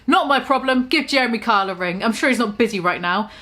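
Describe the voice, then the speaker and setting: A woman's voice: a little high, expressive, fast talker, sharp tone. A woman voicing a rude, pompous middle-aged male TV host who barks and sneers at everyone. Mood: snappish. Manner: curt, sneering, barking orders.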